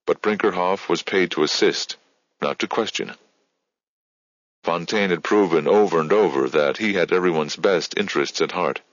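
Deep-voiced male audiobook narrator. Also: dry recording. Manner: steady, measured storytelling. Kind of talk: scripted narration. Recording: dull, lo-fi dry studio.

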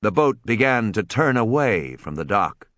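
A man narrating an audiobook in a dramatic, animated reading. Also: fairly low pitch, moderate pace, dry recording.

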